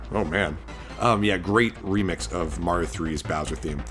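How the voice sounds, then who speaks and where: A man hosting a let's-play, chatting excitedly through his gameplay and laughing often. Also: sits low, moderate pace. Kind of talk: gameplay commentary. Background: game music.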